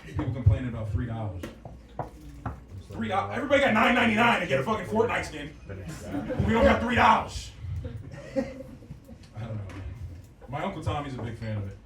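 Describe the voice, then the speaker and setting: High, lively man doing crude stand-up. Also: fairly quick, pauses often, background noise. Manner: crude, rambling, self-mocking. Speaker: stand-up comedian. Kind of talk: stand-up comedy set. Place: comedy club stage. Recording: roomy club sound from far off with crowd laughter.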